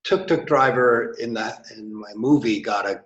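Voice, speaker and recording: A man talks about his jokes in a soft, hesitant way, often trailing off mid-thought. His voice comes through a roomy space on dull, muffled audio. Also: mid-range voice, moderate pace. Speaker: workshop participant. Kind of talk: casual chat.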